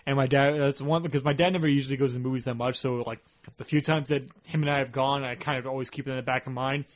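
A man hosting a casual podcast, telling stories with energy and slipping into quick impressions. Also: mid-range voice. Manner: animated storyteller, slips into impressions. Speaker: podcast host. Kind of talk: casual chat.

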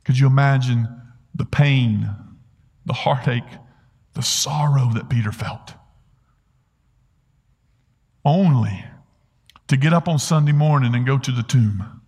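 A man's voice: mid-range voice, a little slow, long pauses, a little mellow, slightly rough. A man preaching a sermon, earnestly retelling a story and asking rhetorical questions. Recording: long hall reverb.

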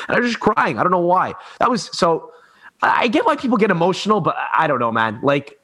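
Fast-talking man, halting and searching for words. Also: fairly high pitch, sing-song, a bit bright. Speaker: podcast guest. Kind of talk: casual podcast chat.

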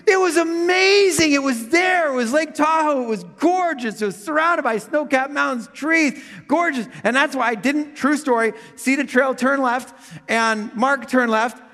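A middle-aged male pastor preaching with comic storytelling, swinging from loud funny voices to quiet reflection. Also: very high-pitched, moderate pace. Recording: long hall reverb.

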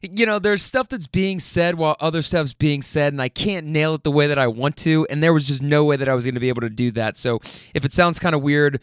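Guy from louisville telling a story, swears a lot, kinda high clear voice, dry close sound. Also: fairly quick, no room sound. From Louisville, Kentucky. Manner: animated, profane, self-mocking, trails into fillers. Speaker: storyteller host. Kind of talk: casual comedic storytelling.

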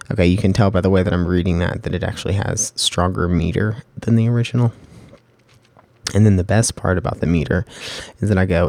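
Deep gravelly man, rambling writing talk. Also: fairly even intonation, a little fast, darkish tone, no echo. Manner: rambling, self-correcting, with many fillers. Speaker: amateur fiction writer. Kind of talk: casual spoken writing lesson.

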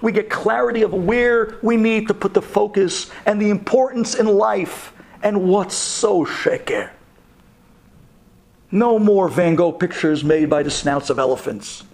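A rabbi telling a story in a sermon, lively and animated, rising to exclamations and then going hushed and earnest. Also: male voice, high voice, a little slow, gravelly.

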